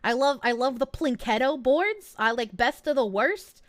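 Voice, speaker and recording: A young woman from Boston with a Boston accent, chatting casually on a live stream, animated, swearing and laughing often as she reads chat. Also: high-pitched, normal speed, dry recording, clean studio sound. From Boston, USA. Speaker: VTuber streamer.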